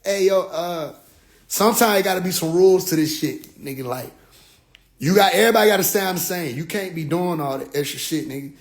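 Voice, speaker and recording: A man talking on a casual phone livestream, animated and profane, often mimicking others in low mocking voices. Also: brisk. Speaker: livestream host.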